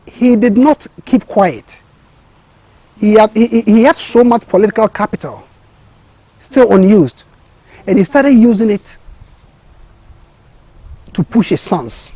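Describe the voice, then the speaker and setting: A man delivers a motivational talk with a high, husky voice and a mellow tone. He talks with passion, repeats words and restarts sentences, and climbs to excited peaks. The sound is dry and close. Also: takes it slowly, long pauses, dry recording. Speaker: speaker giving a motivational talk.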